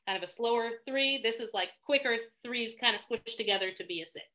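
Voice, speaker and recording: Bright-voiced woman teaching singing online. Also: on the high side, a little fast, few pauses. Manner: chatty and self-deprecating, thinks aloud. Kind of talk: live online music lesson. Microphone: video call.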